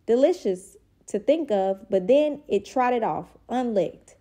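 A woman voicing a gentle, folksy old grandfather in a picture-book read-aloud, with quaint, homey phrasing and a slightly lowered voice. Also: expressive, slow.

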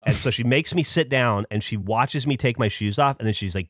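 A man's voice: mid-range voice, quick pace, no echo. Guy on a podcast telling a story, swears a lot, voice jumps all over, dry sound. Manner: animated, swears freely, acts out quotes. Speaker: podcast host. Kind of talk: casual chat, storytelling.

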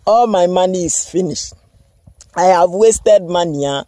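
A man's voice: high voice, measured pace, warm tone, no echo. A man mimicking a whiny, broke client who pleads to be healed before paying. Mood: pleading.

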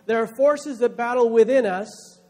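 A man's voice: extremely high pitch, moderate pace, a little mellow. A man, a pastor, preaching a sermon with emphatic delivery, acting out quoted voices.

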